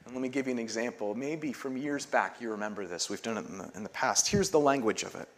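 A man's voice: mid-range voice, quick pace, a little hiss or hum. A man preaching a sermon as pastor, earnest, leading a call-and-response prayer and dropping to near-whispers to stress a point.

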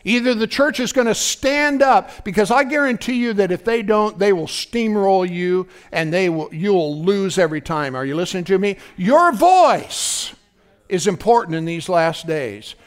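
A man's voice: high-pitched, expressive, moderate pace, clear, resonant tone. A man preaching a fervent sermon as pastor, often breaking in with "praise God" and asking if the congregation is listening.

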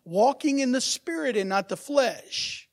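Animated male pastor preaching. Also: very high voice, unhurried. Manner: animated preaching with rhetorical questions to the congregation; swings between soft asides and loud emphatic bursts. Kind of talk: sermon.

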